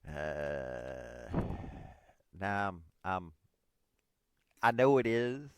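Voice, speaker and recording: Man, 40s, podcast host; low, smooth voice, unhurried, self-deprecating rambling. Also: sing-song, no room sound. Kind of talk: casual rambling monologue.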